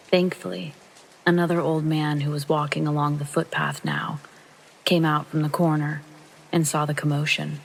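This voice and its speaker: A man narrates a true horror story in a calm, steady read. His voice has a gravelly rasp, and soft rain falls behind him. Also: on the high side, a little hiss or hum, rough recording. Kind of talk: reading a first-person true horror story for sleep. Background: rain sounds.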